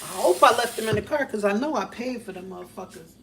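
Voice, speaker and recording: A young woman with a mid-range voice talks fast and animatedly while cooking breakfast in her home kitchen on a livestream, chatting loosely and joking with profanity. Her distant phone mic also catches background noise.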